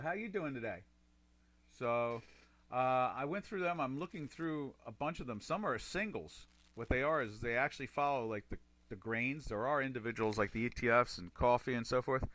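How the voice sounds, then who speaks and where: A man's voice: medium pitch, a bit bright. A man hosting a casual trading chat, rambling over his charts, often restarting sentences and chuckling at himself. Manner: rambling, chuckling, self-interrupting.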